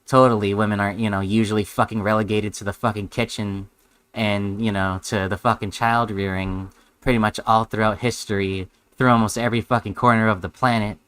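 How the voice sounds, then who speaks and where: A man's voice: fairly low pitch, little pitch movement, a little fast, a bit bright, dry recording. A man streaming a live reaction, sarcastic and rambling, with heavy swearing.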